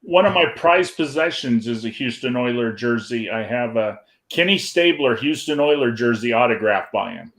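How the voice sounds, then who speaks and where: A man's voice: mid-range voice, animated, moderate pace, hardly any pauses, fairly bright tone. Easygoing man in a roomy space. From Iowa. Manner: easygoing, reminiscing storyteller. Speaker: podcast co-host. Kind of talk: casual sports watch-along chat.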